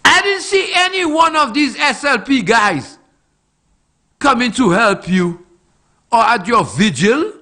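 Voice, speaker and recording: A man's voice: extremely high pitch, sing-song, slow pace, pushed and bright. A middle-aged man giving impassioned political commentary, firing off emphatic rhetorical questions and repeating his points.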